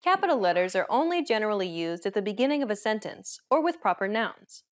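A woman hosting a language lesson, explaining the rules in a clear, measured scripted narration. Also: mid-range voice, big pitch swings.

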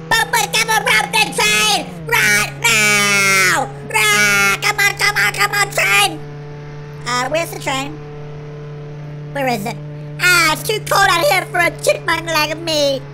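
A performer voicing an excitable cartoon chipmunk in a sped-up chipmunk filter, giving panicky, shrieky game commentary as the channel host. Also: very high voice, a little slow, creaky, music in the background, heavily acted. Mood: excited. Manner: shrieky, panicky, constantly shouting to friends. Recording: noisy game sounds behind.

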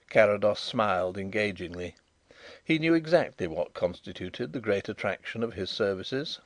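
Expressive male audiobook narrator. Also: on the low side, normal speed, dry recording. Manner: lively, expressive storytelling. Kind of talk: scripted narration.

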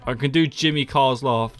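A man's voice: mid-range voice, a bit bright, dry recording. A young man with a Doncaster Yorkshire accent chatting jokily on a live stream while building in a game, often laughing and muttering counts under his breath. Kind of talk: casual live-stream chat while gaming.

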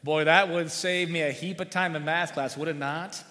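A man preaching in a church, his voice high and bright. He talks in a folksy way, tosses out jokes and asks the congregation questions. The sound rings with long hall reverb. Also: fairly even intonation, moderate pace. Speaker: pastor. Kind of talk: sermon with jokes. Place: church sanctuary.

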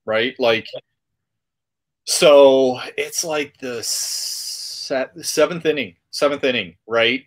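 Man, podcast host, casual storytelling, rambling, filler-heavy, mid pitch. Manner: rambling, animated retelling with filler words.

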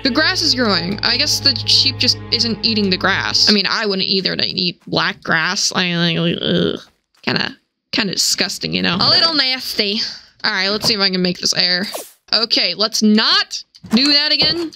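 A young woman giving casual gameplay commentary, excitable, swearing and shrieking when startled. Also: on the high side, moderate pace, slight background noise, poor audio. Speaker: gaming streamer. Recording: music playing behind the voice.

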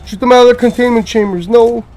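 A man giving casual, excitable gaming commentary, swearing and frantically repeating himself as the action heats up. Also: very high-pitched, fast. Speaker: gameplay commentator.

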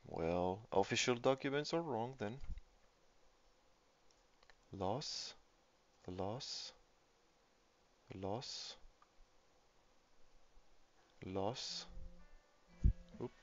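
A man's voice: fairly low pitch, lively intonation, very slow, long pauses, a little hiss or hum. A man giving casual live-stream commentary on a tabletop game, thinking aloud as he reads the game state. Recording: dull lo-fi stream audio.

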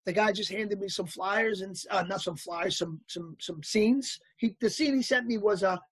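A man telling stories as an interview guest, animated and acting out the people he quotes. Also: high voice, normal speed, husky, no echo. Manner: animated anecdotal storyteller, acts out quotes. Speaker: actor guest. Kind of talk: casual storytelling interview.

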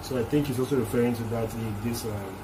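A man's voice: mid-range voice, fast talker, background noise. A man hosting a music reaction video, casually explaining rap lines one by one in a loose, chatty way.

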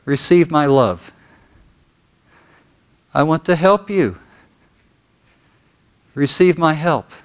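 Pastor speaking as a tender Jesus, slow, slightly high voice. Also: male voice, expressive, smooth. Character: loving Jesus, tender and inviting.

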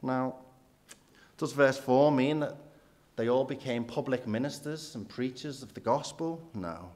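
A man, preaching a sermon in church with rhetorical questions, dropping low and quiet for emphasis. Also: measured pace.

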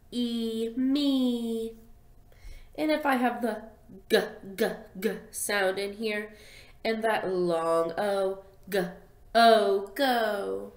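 A young woman teaching a phonics lesson to small children, sounding out letters slowly and in a sing-song way. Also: mid-range voice. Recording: echoey room.

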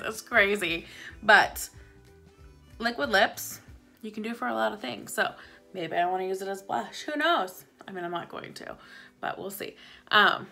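A woman's voice: medium pitch, moderate pace, vocal fry, sharp tone, soft background music. Bubbly woman chatting about a haul. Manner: bubbly, chatty, repeats words for emphasis. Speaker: beauty vlogger. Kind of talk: casual haul chat.

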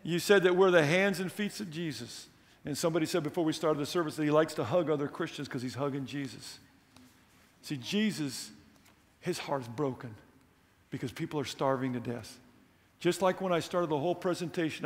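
A male preacher gives a missions conference sermon, his slightly high voice climbing on questions and numbered points. He mixes in humorous asides. The sound carries a long reverb from the church hall. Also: normal speed. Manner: emphatic, rising on questions and lists.

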